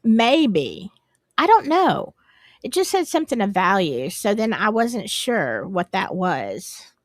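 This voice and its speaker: A woman's voice: medium pitch, big pitch swings, slow, no echo, clean studio sound. A woman hosting a live stream, chatting casually and apologizing in a flustered, rambling way. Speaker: livestream host.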